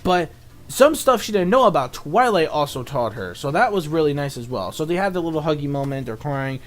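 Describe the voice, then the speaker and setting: Young dude ranting about a cartoon ep, lots of like and you know, kinda high voice, bit of music behind. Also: male voice, a little fast. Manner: rambling, excitable, swears a lot, fills with "like" and "you know"; mock-shouts lines in high exasperated voice. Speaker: cartoon episode reviewer. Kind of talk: casual video review.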